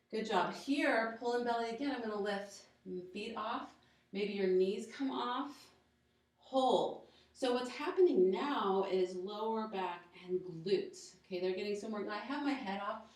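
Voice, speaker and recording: A woman guides a yoga workout, counting down reps and cheering students on with calm, step-by-step cues. Her voice sits in a very echoey room and is picked up from well away from the mic. Her pitch is mid-range for a woman. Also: recorded from a distance. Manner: encouraging, gives steady step-by-step cues and countdowns. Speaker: yoga instructor.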